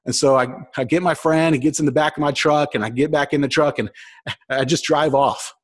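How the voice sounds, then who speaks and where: A man's voice: a little high, steady tone, fairly quick. A man in his thirties giving a sermon, telling a personal story with humor and acting out the voices of people in it. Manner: storytelling, acts out quoted voices, self-mocking. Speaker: pastor.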